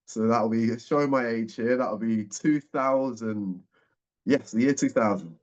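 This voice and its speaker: A man around forty, a guest speaker telling a personal story in a lively way and acting out what people said. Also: mid-range voice, a little slow. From England. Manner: lively storyteller, acts out the dialogue. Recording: dull, muffled audio.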